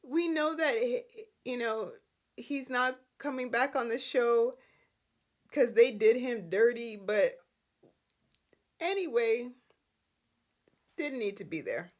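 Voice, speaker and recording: Chatty, animated woman recapping a soap opera. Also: fairly high pitch, slow pace, pauses often. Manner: animated, laughs a lot, acts out characters' lines.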